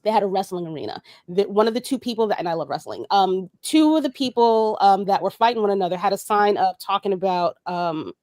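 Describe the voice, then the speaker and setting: A woman on a podcast, fired up and swearing freely as she rants about something that made her angry. Her mid-pitched voice comes across dry and close to the mic, with no room sound around it. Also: expressive, a little fast, hardly any pauses, darkish tone, no echo. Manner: profane, fired-up and emphatic. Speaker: podcast guest. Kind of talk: heated casual podcast rant.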